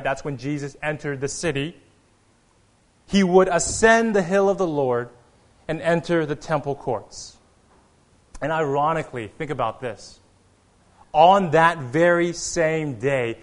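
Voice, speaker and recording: A man preaching a sermon earnestly, rising to loud proclamations and dropping to quiet asides. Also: a little high. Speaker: pastor.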